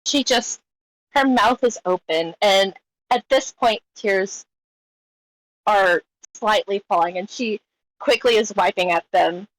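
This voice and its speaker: A woman's voice: medium pitch, takes it slowly, fairly bright tone, dry recording, poor audio. A woman playing a tabletop game, describing her character in a rambling way with many fillers. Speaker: player.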